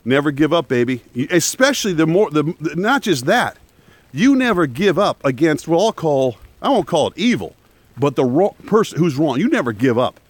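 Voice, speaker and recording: A man vlogging from the woods, telling a story with emphatic, animated delivery and shouted quotes, filming himself on a phone at arm's length. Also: fairly high pitch, normal speed, no echo. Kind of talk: casual storytelling vlog. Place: woods outdoors. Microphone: phone held at arm's length for a selfie.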